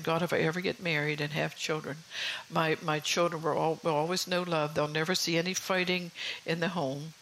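Older lady preaching casual, gravelly voice, keeps saying you know, bit of hiss behind. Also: fairly low pitch, a bit bright, rough recording. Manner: homey, confiding, repeats "you know". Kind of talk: informal sermon.

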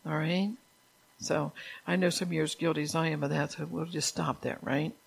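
This older woman has a deep, steady voice that is creaky and slightly rough, and she talks briskly. Leading an informal Bible study, she chats, offers personal testimony, and asks the group questions.

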